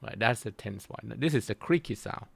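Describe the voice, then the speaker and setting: A middle-aged man giving a university lecture, halting with many restarts and fillers. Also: lowish voice, animated, vocal fry, breathy edge, no room sound.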